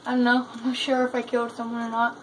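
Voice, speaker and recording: High-voiced excitable woman gaming. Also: fast. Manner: excitable, chatty, exclamatory. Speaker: gamer. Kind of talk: casual gameplay commentary. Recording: noisy gameplay capture.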